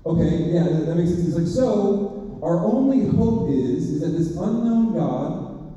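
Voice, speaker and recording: A man with a high, dark and mellow voice preaches a sermon, chatting his way through a story and acting out the people in it. He is recorded from a distance in a long, echoing hall, and the sound is dull. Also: normal speed. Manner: conversational, acts out characters in quotes.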